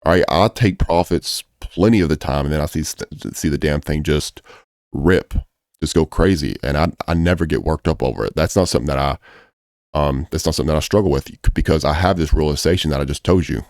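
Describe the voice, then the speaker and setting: A man's voice: extremely low pitch, a little fast, darkish tone, no echo, studio quality. A man coaching traders in a casual video, blunt and profane, hammering his points home by repeating them. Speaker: trading coach. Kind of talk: casual trading advice video.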